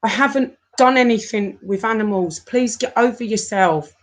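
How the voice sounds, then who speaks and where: A woman in her forties, talking to her viewers in an upset, halting rant, often stopping and repeating herself. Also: a little high. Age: 40s. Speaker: YouTuber. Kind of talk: emotional live-stream rant.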